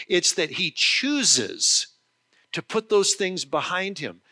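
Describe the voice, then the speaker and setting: Male preacher mid-sermon; earnest, explanatory delivery, bright and slightly high voice. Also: lively intonation. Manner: earnest, with frequent restarts and slow emphasis on key phrases. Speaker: pastor.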